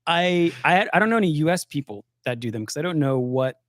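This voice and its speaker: A man's voice: fairly high pitch, lively intonation, quick pace, no echo, clean studio sound. A man co-hosting a podcast, blunt and opinionated, swearing freely in casual chat. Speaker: podcast co-host.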